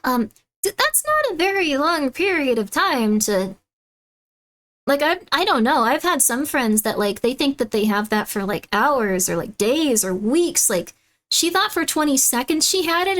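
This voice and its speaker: A woman live-streaming, chatting casually with her audience and reacting to videos. She is animated and laughs often. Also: moderate pace. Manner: chatty and animated, laughs often, loud shrill bits when mocking someone.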